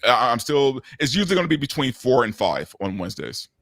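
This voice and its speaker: A man's voice: medium pitch, big pitch swings, fairly quick, creaky, fairly bright tone, dry recording, clean studio sound. A man as a guest on a casual podcast, hesitant and laughing at himself. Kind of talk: casual chat.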